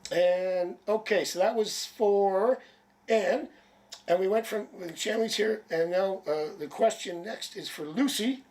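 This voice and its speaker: Man, tarot reader, live-stream chat, rambling, jokey, slightly high pitch. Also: slow pace, darkish tone, far from the mic. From Canada. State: sniffly with a headache.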